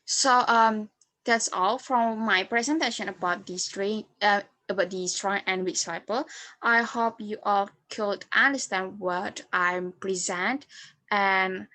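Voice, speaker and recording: A young woman whose first language is Indonesian talks through a student presentation in English at a slow, unhurried pace. She halts often, filling gaps with "um" and correcting herself mid-word. Her pitch sits in an ordinary middle range. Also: bright, forceful tone. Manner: halting, with fillers, restarts and self-corrections. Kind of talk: class presentation on phonetics.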